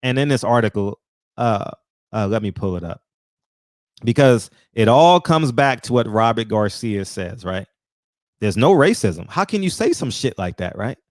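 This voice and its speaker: A man's voice: expressive, normal speed, no room sound, clean studio sound. A man hosting a casual opinion monologue, heated and profane, who fires off rhetorical questions and repeats words for emphasis. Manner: repeats words for emphasis, swings high and low. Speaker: show host.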